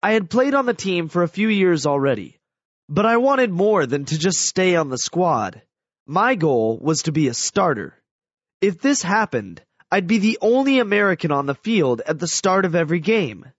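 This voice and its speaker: A man reading a first-person story aloud as scripted audiobook narration, telling it in an animated way. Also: sits high, normal speed, no echo, dull audio.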